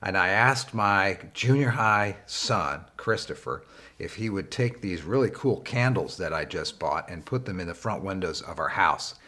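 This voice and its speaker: A man's voice: lively intonation, sharp tone. Man telling a story in a lesson. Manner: conversational, unhurried, frequent "uh" fillers; rises in pitch for wry emphasis. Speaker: leadership teacher.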